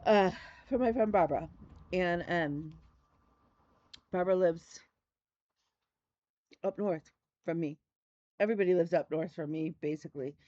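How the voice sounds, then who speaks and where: A woman's voice: lowish voice, a little slow, long pauses, warm tone, dry recording, dull audio. A middle-aged woman from Michigan chatting casually as the host of a stitching video, effusive and repetitive in her enthusiasm. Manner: chatty, effusive, repeats "love me a". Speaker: flosstube host. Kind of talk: casual chat.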